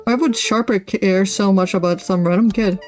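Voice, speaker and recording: A woman's voice: medium pitch, fairly even intonation, normal speed, a little mellow, faint music behind, natural voice. A curious young boy, read by a woman. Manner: reads game dialogue aloud.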